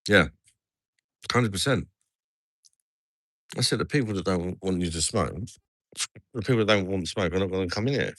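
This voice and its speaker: A chatty English man hosts a casual livestream and keeps calling people "mate". His voice is very low yet bright and forward. The sound is close and dry, with no room around it. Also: normal speed, pauses often, no echo. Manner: chatty, says "mate" a lot. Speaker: livestream host. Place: outdoors at night in a resort town.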